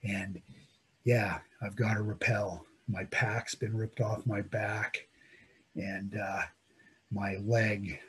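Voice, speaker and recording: A man vividly recounting his own mountain ordeal in dramatic first-person storytelling, swinging between loud emphasis and hushed tones. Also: on the low side, slight background noise.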